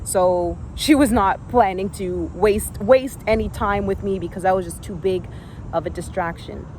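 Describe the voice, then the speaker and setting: A woman's voice: medium pitch, moderate pace, darkish tone, a little hiss or hum. A woman in her thirties from Canada, a former elite gymnast, telling her own story in a candid, emotional way with frequent fillers. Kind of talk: personal storytelling vlog.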